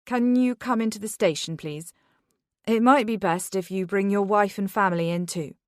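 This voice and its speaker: Woman doing a brisk, officious detective. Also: medium pitch, no echo, studio quality, close to an everyday voice. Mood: formal. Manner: formal, clipped.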